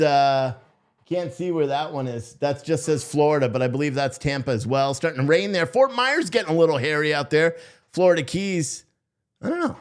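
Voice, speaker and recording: A man hosting a live stream, chatting casually and sarcastically with his viewers and swearing freely. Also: on the high side.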